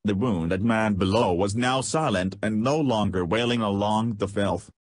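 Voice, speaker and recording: A man's voice: lowish voice, measured pace, no room sound. A man narrating an audiobook, reading in a scripted way and voicing punctuation marks aloud.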